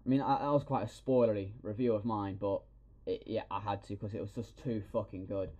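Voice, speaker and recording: A man hosting a podcast, excitedly retelling a film scene by scene with plenty of swearing. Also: on the low side, brisk. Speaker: podcast host. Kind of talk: casual film review chat.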